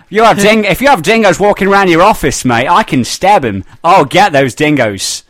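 A man's voice: high voice, expressive, fairly quick, a bit bright, no echo. A man with a put-on Australian accent playing a boastful, brutish outback man who rambles and stammers.

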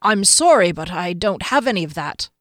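A woman's voice: fairly low pitch, very animated, moderate pace, fairly bright tone, no room sound, clean studio sound. A woman voicing a nervous, scrawny little male herbalist who stammers and stays stiffly polite.

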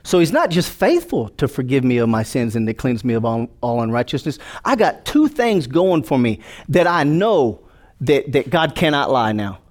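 Male pastor, sermon delivery, animated, playful, pitch swinging widely. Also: normal speed. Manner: animated, joking, call-and-response with congregation.

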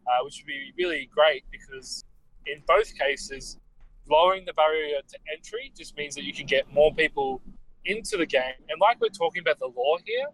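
Slightly high-pitched hesitant male co-host. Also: sing-song, moderate pace, a bit bright, slight background noise, poor audio. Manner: hesitant, many ums and restarts. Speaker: podcast co-host. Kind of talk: casual podcast chat.

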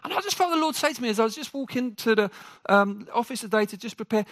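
Lively, bright-voiced male preacher. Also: very high-pitched, fast talker, no echo, studio quality. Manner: animated, joking with the congregation. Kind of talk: sermon.

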